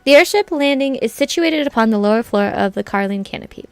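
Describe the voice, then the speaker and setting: A woman's voice: on the high side, lively intonation, a little fast, no room sound. A woman voicing a gracious elder woman who leads a forest city, reading formal lines aloud with small stumbles. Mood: solemn.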